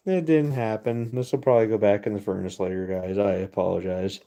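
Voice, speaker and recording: A man's voice: medium pitch, warm tone. A man hosting a casual livestream, chatting to viewers in an easygoing way while he works at his furnace and reads comments. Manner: slow, easygoing, talks to chat while working. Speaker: livestream host.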